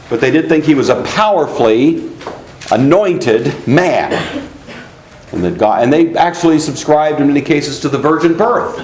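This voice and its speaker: A male teacher giving a classroom lecture, putting questions to students and then explaining at length. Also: a little high. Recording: echoey classroom with faint noise.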